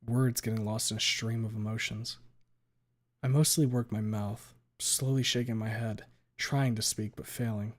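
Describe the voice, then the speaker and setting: A man streaming himself reading a fan fiction aloud in an emotional first-person style, rushing some passages and stretching others out. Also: fairly low pitch, fairly even intonation. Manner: emotional, pace swinging between rushed and drawn out.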